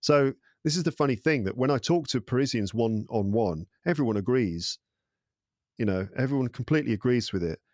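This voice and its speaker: English guy guesting on a podcast, thoughtful and lively, mid pitch, dead dry sound. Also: a little fast, no room sound. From England. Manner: thoughtful, animated storyteller. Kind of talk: casual interview chat.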